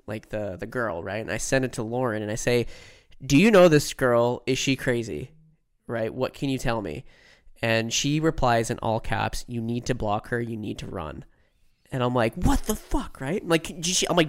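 In a casual storytelling chat, a young male podcast co-host with a clean, mid-range voice spins a long story loosely and rambles. His sentences are full of "like" and "right?", and he performs what other people said.

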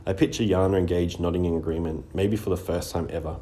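A man narrating a first-person story in a steady, even reading voice. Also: deep voice, fast, slight background noise. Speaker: audiobook narrator.

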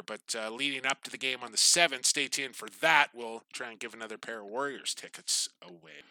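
A man's voice: mid-range voice, bright, forceful tone, no room sound. A man hosting a casual sports podcast, chatty and upbeat, often trailing off at the ends of his thoughts. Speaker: podcast host.

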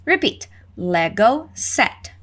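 Slow, lively woman teaching English phrases. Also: mid-range voice. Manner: lively, exaggerated intonation for learners to repeat. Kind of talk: slow, clear repetition drills.

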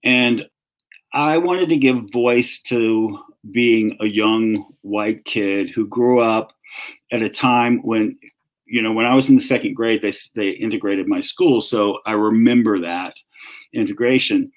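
A man in his fifties from North Carolina with a Southern accent, answering an interview question as an author and music journalist, relaxed and storytelling, often restarting his sentences. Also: lowish voice, measured pace, rough recording.

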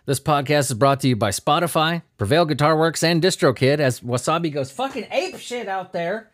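A man's voice: fairly high pitch, lively intonation, normal speed, fairly bright tone, no echo, studio quality. A man hosting a comedy news podcast, riffing on odd stories in a sarcastic, profane way. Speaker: podcast host.

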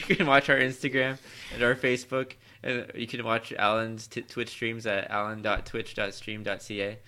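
A man's voice: mid-range voice, level tone, moderate pace, sharp tone, clear, resonant tone. A young man co-hosting a podcast, playful and easygoing in casual chat. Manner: laughs often, playful, easygoing. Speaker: podcast co-host.

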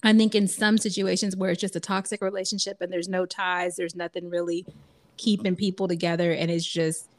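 A woman's voice: on the low side, little pitch movement, a little fast, no echo, clean studio sound. A woman podcast co-host with a Southern US accent, giving frank, matter-of-fact opinions in casual chat.

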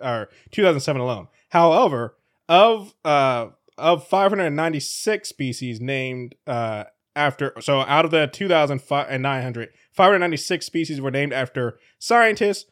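Rambling, laughing man, higher voice. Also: animated, moderate pace, fairly bright tone. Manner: rambling, laughs often, restarts sentences. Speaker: podcast co-host. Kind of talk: casual news chat.

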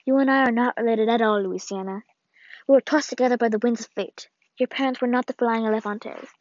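A woman reading the farewell letter of an old, ailing grandmother in a solemn, measured way, on a dull, lo-fi recording. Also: fairly high pitch, steady tone, darkish tone, no echo, natural voice. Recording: dull, lo-fi dry read.

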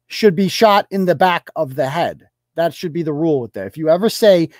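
A man's voice: a little high, big pitch swings, brisk, darkish tone, no room sound, studio quality. Sarcastic, profane man ranting on a podcast. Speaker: podcast host. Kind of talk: ranting commentary on social media posts.

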